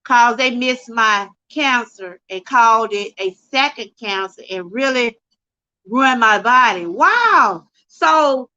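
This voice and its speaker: A middle-aged livestream host from Georgia, USA, gives an emotional, fervent testimony, close to tears as she calls out to viewers she addresses as "y'all." Her voice is a little high, slow, bright and expressive, with a forceful, preacher-like tone. The high frequencies are cut off.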